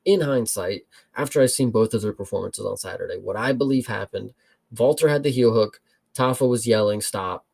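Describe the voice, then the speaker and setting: A man's voice: lowish voice, brisk, creaky, a little mellow. A man co-hosting a show, breaking down fights in casual, blunt chat and swearing freely. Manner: blunt, swears freely, calls listener bro. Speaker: podcast co-host.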